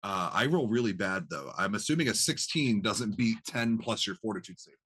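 A man running a tabletop role-playing session as game master. His pitch swings widely as he explains rules and narrates what the enemy does. He sounds relaxed and chatty. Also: moderate pace, husky. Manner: animated, explains rules, voices reactions.

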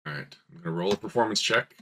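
A man playing a tabletop game, joking in a deadpan way. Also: sits low, fast, slight background noise. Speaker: player. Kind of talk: casual tabletop play.

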